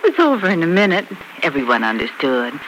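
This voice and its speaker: A kind, firm middle-aged mother in an old radio play, reassuring and lively in her ups and downs, with a bright tone. A faint hiss sits under the old broadcast. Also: low-pitched, fast, low-quality recording. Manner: warm, reassuring. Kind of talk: 1940s radio acting.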